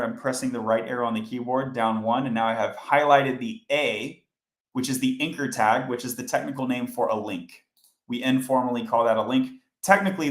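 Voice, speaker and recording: A man hosting a live coding stream, explaining each step in a chatty way and talking to his chat. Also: mid-range voice. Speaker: coding livestream host. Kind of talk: casual live coding tutorial. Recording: roomy echo.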